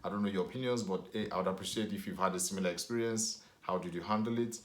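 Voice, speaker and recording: Man, Nigerian accent, very deep voice, rambling storyteller, echoey room. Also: quick pace. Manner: rambling, animated retelling full of "you know". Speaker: vlogger. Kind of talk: casual storytelling to camera.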